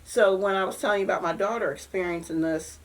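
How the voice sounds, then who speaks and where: A woman in her fifties from West Virginia recalls her past in an oral history interview, telling it in a lively way and acting out what people said. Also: medium pitch, quick pace, low-quality recording. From Jefferson County, West Virginia. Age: 50s. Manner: animated storyteller, acts out quoted voices.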